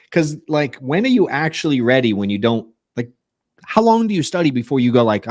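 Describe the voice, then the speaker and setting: A man hosting a podcast in relaxed, slangy casual chat. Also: mid-range voice, normal speed, no room sound, clean studio sound. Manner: relaxed, slangy, says "dude". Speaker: podcast host, sales coach.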